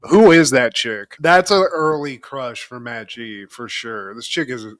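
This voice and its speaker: A man's voice: mid-range voice, measured pace, no echo. A man co-hosting a podcast, chatting casually and joking with loose, offhand swearing. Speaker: podcast co-host. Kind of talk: casual chat.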